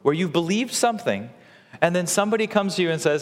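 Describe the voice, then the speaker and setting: A man's voice: a little high, animated, quick pace, in a large hall. A male pastor preaching a sermon in a conversational way, acting out quotes and building to emphatic points.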